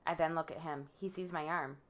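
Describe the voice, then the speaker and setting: A woman reading her court impact statement aloud, measured and halting, stressing the quoted words. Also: low-pitched, fairly even intonation. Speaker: victim giving a statement.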